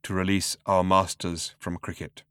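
A man doing a cold, rasping ancient robot. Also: deep voice, no room sound, clean studio sound. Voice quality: cultured rasp. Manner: slow, flat, patient.

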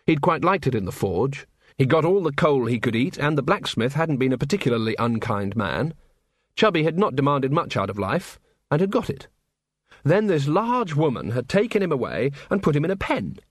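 Expressive male audiobook narrator. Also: mid-range voice, breathy edge, no room sound, studio quality. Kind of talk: audiobook narration of a comic fantasy novel.

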